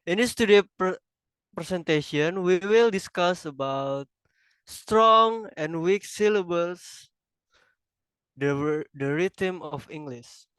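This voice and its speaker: Slow halting man giving a class presentation. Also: high voice, expressive, fairly bright tone, clear, resonant tone, no echo, poor audio. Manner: halting, self-correcting, non-native phrasing. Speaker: student presenter.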